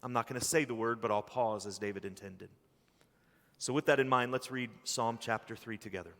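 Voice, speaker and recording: A man preaching a sermon as pastor, earnest, with long pauses and some restarts. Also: medium pitch, a bit bright, long reverb tail. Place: church sanctuary.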